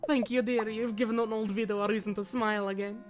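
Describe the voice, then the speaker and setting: A woman's voice: on the high side, steady tone, fast, over music, lightly acted. A woman voicing a sly old widow with a grand, mock-dramatic way of talking. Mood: gracious. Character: theatrical old widow, sly and self-satisfied.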